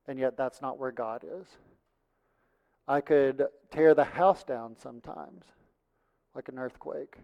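A man preaching a sermon and reading Scripture, emphatic, swinging from loud passages to hushed ones. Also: medium pitch, vocal fry. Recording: dull lo-fi sound with long hall reverb.

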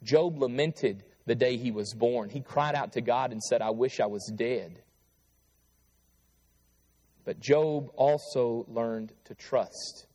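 A male pastor preaching a sermon, reading scripture aloud with pleading intensity that swells and then falls quiet. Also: medium pitch, measured pace, hardly any pauses, in a large hall. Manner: impassioned, rising to pleading cries then dropping quiet.

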